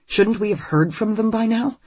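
A worried young father, talking fast and forceful in a tense push, voiced by a woman reader. It is recorded dry and close, with a husky tone. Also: mid-range voice, dry recording, voice pushed up, close to an everyday voice. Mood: urgent. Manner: urgent, forceful delivery.

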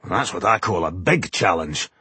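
A man voicing a gruff, battle-hungry male dwarf warrior with a growling, cranky manner. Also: sits low, animated, normal speed, sharp tone, no echo, full character voice. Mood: eager.

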